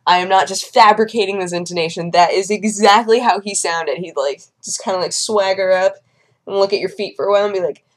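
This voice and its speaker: Speaking a little fast at a medium pitch, this young vlogger shares everyday stories with her viewers in relaxed, casual chat. Now and then she impersonates the people she's describing.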